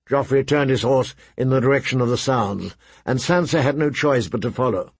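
A man narrating an audiobook in a measured, even storytelling manner. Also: medium pitch, breathy edge, no echo.

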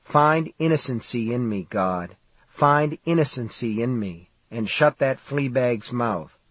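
A man voicing a frightened boy who prays quietly and earnestly in an audiobook. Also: mid-range voice, lively intonation, a little slow, slightly rough, no echo. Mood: earnest prayer. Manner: hushed, earnest praying.

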